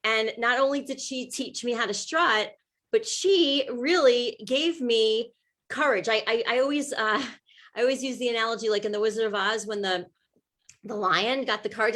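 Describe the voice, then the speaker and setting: A woman with a fairly high voice tells her personal story as a talk show guest. She speaks in a chatty, heartfelt way and often restarts her sentences with fillers. She is a breast cancer advocate. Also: fairly bright tone.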